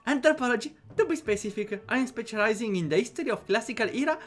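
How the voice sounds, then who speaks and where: A man reading a visual novel aloud, voicing an eager, nervous young woman who talks about her studies in a rapid, earnest way. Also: very high-pitched, lively intonation, fairly bright tone, soft background music, voice pushed up, exaggerated voice. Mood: excited.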